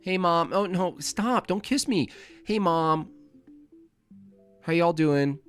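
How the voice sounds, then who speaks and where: A man's voice: a little high, slow, a bit bright, clear, resonant tone, soft background music, pitched above the performer's own voice. A man mockingly imitating a young man who talks in exaggerated street slang. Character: young man mocked as a wannabe tough guy.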